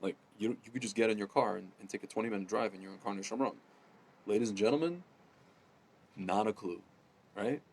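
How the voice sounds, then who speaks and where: A man ranting casually to camera, rambling with many fillers and restarts, often addressing his audience as ladies and gentlemen. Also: lowish voice, fairly quick, long pauses. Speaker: political commentator. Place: home in Jerusalem.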